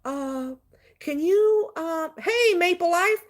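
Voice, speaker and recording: A woman voicing a creepy adult male passenger in a halting, sing-songy, wheedling voice, pitched well above her own usual talk. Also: expressive, full character voice.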